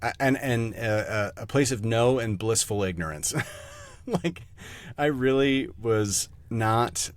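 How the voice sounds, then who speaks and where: A man talking as a guest on a podcast, animated and casual, swearing freely and restarting sentences as he thinks. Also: mid-range voice, slow. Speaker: guest voice actor.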